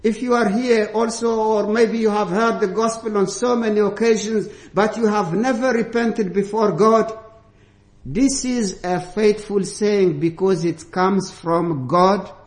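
Man, preacher, sermon, emphatic, unhurried delivery, roomy echo. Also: sits high, steady tone. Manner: emphatic, slow and deliberate, rising on key words. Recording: echoey room.

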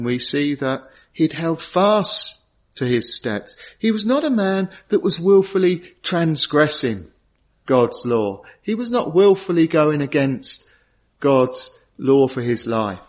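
Middle-aged male preacher, earnest, measured phrasing, slightly high voice, dull recording. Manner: earnest, pausing in short phrases, rising to emphasis. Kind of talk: sermon. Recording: dull lo-fi sound.

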